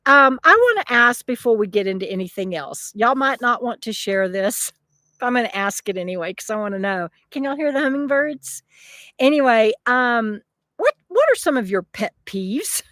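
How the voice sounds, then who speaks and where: A middle-aged woman chats through a casual livestream, reading out viewer comments and drifting from one story to the next with plenty of fillers and easy laughter. Her voice sits a little high, and the sound is close and dry. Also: animated, normal speed, sharp tone, no echo. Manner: chatty and rambling, with frequent fillers and laughs. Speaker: channel host. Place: outdoors by a wooded river.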